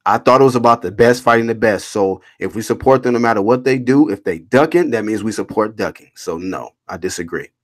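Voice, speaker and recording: Blunt, swearing male livestream host. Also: on the low side. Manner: blunt, animated, reads chat comments aloud and rants back; swears freely, slangy. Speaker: boxing livestream host reading chat. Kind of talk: casual livestream commentary.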